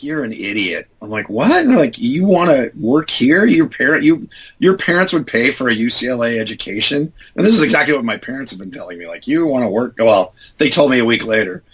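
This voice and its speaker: Sitting in as an interview guest, a man in his fifties tells a long, rambling anecdote in a husky, slightly breathy, somewhat bright voice, heard through poor audio. He restarts sentences and relies on fillers, and his pitch jumps high whenever he acts out what someone said.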